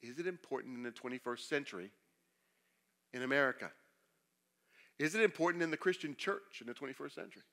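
A man preaching a sermon as pastor, asking the congregation questions and swinging between loud emphasis and quiet, confessional passages. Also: mid-range voice, animated, fast, vocal fry, pauses often. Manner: asks the congregation rhetorical questions.

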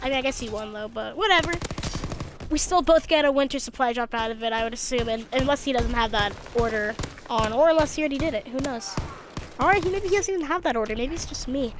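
A woman's voice: high voice, fast talker, noisy background. A young woman with a slight lisp giving casual, tired and cranky commentary over her own gameplay, talking into a gaming headset. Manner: tired and cranky, mumbling asides to self. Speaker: gaming video creator.

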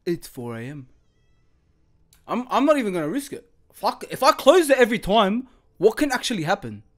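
A man's voice: very high voice, very animated, fast, a bit bright. Jumpy man swearing through a horror game. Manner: jumpy, swears a lot, panicky outbursts. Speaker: gaming channel host. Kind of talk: horror game let's play commentary.

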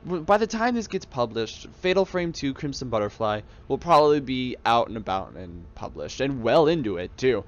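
A man's voice: medium pitch, very animated, moderate pace, hardly any pauses, highs cut off. A young man talking casually about games he loves, rambling and enthusiastic, often restarting his sentences. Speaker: YouTube gamer. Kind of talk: casual reflective monologue. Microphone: headset.

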